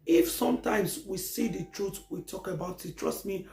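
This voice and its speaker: A Nigerian-accented man delivers an emphatic opinion vlog, pressing his point with rhetorical questions. His voice sits high and carries a gravelly edge. The recording has a roomy echo. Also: moderate pace, darkish tone. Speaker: commentator. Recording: echoey room.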